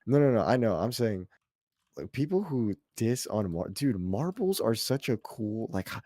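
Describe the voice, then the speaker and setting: A young man chatting casually as a podcast co-host, rambling and excitable, swearing often. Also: lowish voice, normal speed, no room sound, studio quality. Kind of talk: casual chat.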